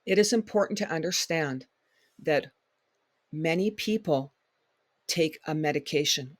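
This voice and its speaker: A man with a slightly raised voice leads a fitness workshop, pressing his points with emphatic repetition. The sound is dry and close, with no room echo. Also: on the high side. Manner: emphatic, repeats key points, acts out client reactions. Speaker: fitness instructor. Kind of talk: workshop lecture.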